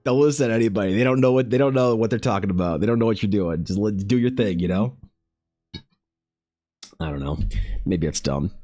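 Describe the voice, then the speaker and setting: A man's voice: fairly low pitch, animated, a little fast, pauses often, warm tone, no room sound, clean studio sound, faint music behind. A man, an artist, chatting casually with his live-stream audience, rambling and self-deprecating, often talking to viewers by name.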